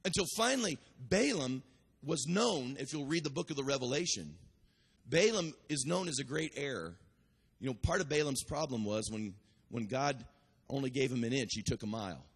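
A man preaching a sermon as pastor, building to shouted cries and repeating phrases with restarts. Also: mid-range voice, expressive, normal speed, breathy edge, in a large hall.

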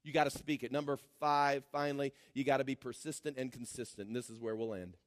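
A man preaching a sermon as pastor, swinging from shouted declarations to low, mocking asides. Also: steady tone, fast talker, dry recording, studio quality. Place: church.

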